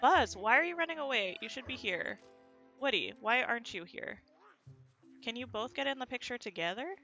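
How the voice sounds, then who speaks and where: A woman's voice: a little high, animated, moderate pace, pushed and bright, muffled recording, faint music behind. A woman streamer with a neutral American accent, chatting casually while playing a game and answering her chat, her sentences often rising at the end. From United States. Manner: rising inflection at sentence ends.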